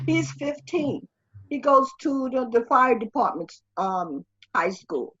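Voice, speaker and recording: An older woman talking as an interview guest, with a husky, strained voice and a rambling way of talking full of restarts. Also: a little high, expressive, takes it slowly, a bit bright, highs cut off. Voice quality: husky, strained voice after throat surgery. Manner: rambling, with many restarts and fillers. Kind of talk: conversational interview.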